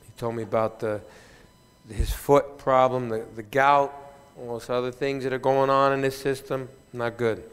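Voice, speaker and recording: Animated guy telling stories on stage, keeps chuckling, echoey conference hall. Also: medium pitch, moderate pace, clear, resonant tone. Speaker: fitness trainer, conference speaker. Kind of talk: keynote storytelling.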